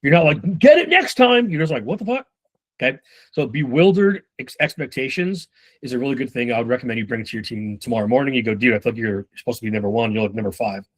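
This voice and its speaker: A man giving casual sales-management coaching, talking loosely and with profanity while acting out quick snippets of conversation. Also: medium pitch. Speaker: sales trainer.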